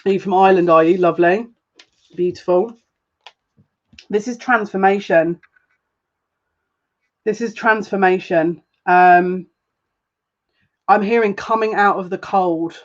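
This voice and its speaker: A woman giving a live-streamed tarot reading, chatting with viewers, emotional and gushing, with excitable quick restarts. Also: medium pitch, highs cut off. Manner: emotional and gushing, easily moved. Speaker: psychic tarot reader.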